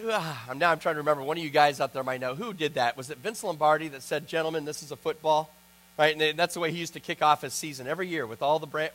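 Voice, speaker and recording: High-voiced pastor preaching a sermon. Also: male voice, a bit bright, low-quality recording. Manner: earnest, builds to emphatic peaks.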